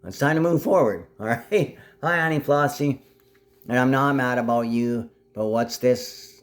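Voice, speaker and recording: A man delivering a rambling monologue to camera, full of restarts, swinging from low grumbling to sudden high outbursts. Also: unhurried. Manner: frequent restarts and half-finished sentences. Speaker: vlogger.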